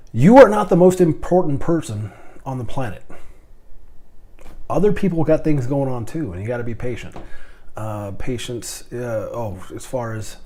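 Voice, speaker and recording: A man's voice: medium pitch, warm tone. A middle-aged man, a podcast host and airline captain, rambling and stammering through a casual monologue.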